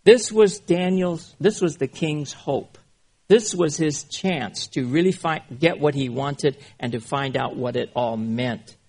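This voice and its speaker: Gravelly, husky-voiced male preacher. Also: a little high, unhurried, darkish tone. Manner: informal, keeps checking in with the listeners. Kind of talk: conversational sermon on scripture.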